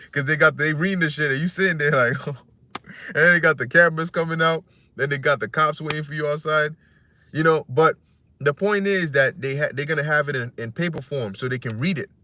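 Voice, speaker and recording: A man's voice: on the high side, brisk, bright, forceful tone. A man preaching casually on scripture, rambling and conversational, acting out voices he quotes and cursing freely.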